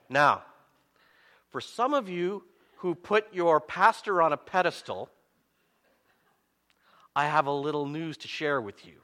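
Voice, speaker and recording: A male pastor delivers a sermon in a fairly high, bright voice. His pitch rises and falls in big, animated swings as he tells the story. He keeps breaking in with self-mocking humor. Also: slow, long pauses, in a large hall.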